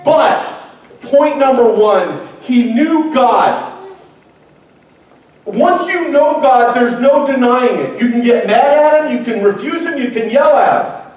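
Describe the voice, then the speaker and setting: A man's voice: very high voice, animated, takes it slowly, darkish tone, muffled recording. A male pastor preaching a sermon in a church hall, talking in a joking, conversational way and acting out quoted voices. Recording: very echoey hall from far off, faint noise.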